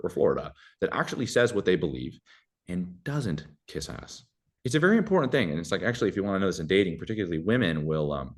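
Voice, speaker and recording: As a podcast guest, a young man gives casual advice at a fast clip in a low, deep voice. He's animated and shifts into different voices to act out short bits of dialogue.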